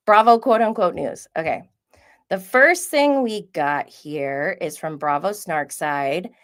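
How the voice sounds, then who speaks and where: A woman's voice: fairly low pitch, smooth. A woman hosting a casual solo recap, chatty and giggly, full of "like" and asides. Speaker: podcast host recapping reality TV.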